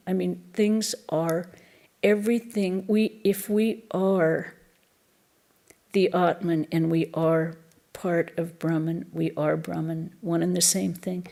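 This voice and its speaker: A woman, a nun, giving a reflective Easter lecture in a temple, pausing often and restarting her phrases. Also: lowish voice, gravelly, mellow. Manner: slow and reflective, with pauses and restarts.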